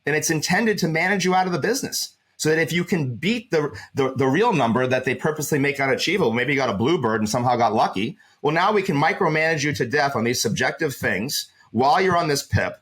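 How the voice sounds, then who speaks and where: A man speaking as a guest employment advisor in a podcast conversation, emphatic and quick to repeat words when worked up. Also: on the high side, expressive, a bit bright, breathy edge.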